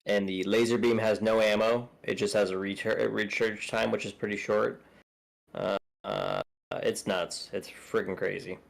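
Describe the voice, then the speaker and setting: A man's voice: lowish voice, fairly even intonation, measured pace, vocal fry, rough recording. A man chatting casually while playing a space game with friends, laid-back and full of fillers. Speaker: streamer. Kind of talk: casual gaming chat.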